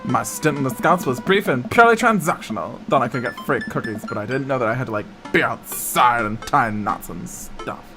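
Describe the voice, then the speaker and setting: A man voicing a sardonic teenage daughter with a deadpan, sarcastic way of talking. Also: medium pitch, fairly quick, hardly any pauses, music in the background, close to an everyday voice.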